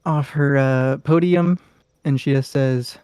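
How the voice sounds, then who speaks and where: A man's voice: medium pitch, steady tone, slow, darkish tone, clear, resonant tone, dry recording. A man narrating a tabletop game as game master, in a loose, rambling way with lots of fillers.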